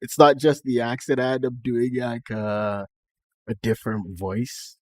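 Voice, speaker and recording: Slow, chatty man with put-on American accent. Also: mid-range voice, level tone, no room sound. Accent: put-on generic American-Canadian. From Nigeria. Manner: chatty and self-amused, laughing between remarks. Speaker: live-streaming 3D artist. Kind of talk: casual live-stream chat.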